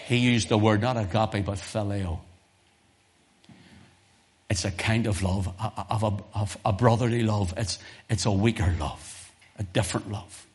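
A man preaching a sermon in a church, reading old-fashioned scripture and putting emphatic questions to the congregation, rising loud on key points and dropping soft to explain. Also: fairly low pitch, fairly even intonation, unhurried, husky. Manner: reads scripture in old-fashioned King James wording.

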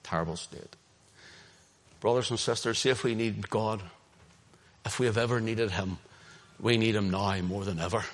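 A man with a Northern Irish accent preaching an impassioned sermon, swinging between loud emphasis and hushed asides. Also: on the low side, flat delivery, moderate pace. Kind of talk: sermon, streamed online.

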